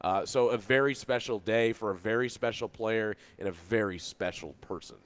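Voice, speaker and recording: A man's voice: fairly low pitch, moderate pace. A man co-hosting a sports radio show, talking basketball in a loose, rambling way full of restarts. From Louisville, Kentucky. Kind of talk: casual sports talk. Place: radio studio.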